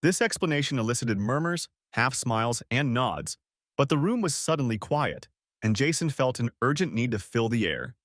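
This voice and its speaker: Man narrating an audiobook, lively pitch, dry close recording. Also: normal speed, no room sound. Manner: expressive storytelling.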